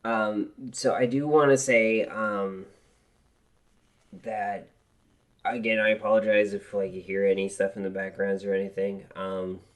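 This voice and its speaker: A woman's voice: a bass voice, steady tone, unhurried. A woman co-hosting a podcast in casual chat, speaking hesitantly with frequent filler words, recorded in a newly moved-into apartment. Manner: apologetic, hesitant, many ums and likes. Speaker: podcast co-host.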